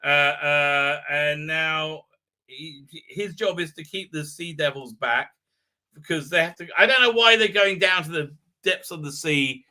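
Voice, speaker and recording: A man's voice: on the high side, unhurried, pushed and bright. A man hosting a live episode recap, rambling and sarcastic with many filler sounds. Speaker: host reviewing a TV episode.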